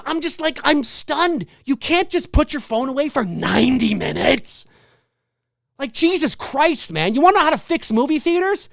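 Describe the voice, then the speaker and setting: Man, ranting host, exasperated, swears, repeats questions, lively pitch, dry sound. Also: dry recording. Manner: exasperated, keeps repeating rhetorical questions, swears, bursts into shouting. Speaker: host of a live movie talk show. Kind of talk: ranting solo commentary.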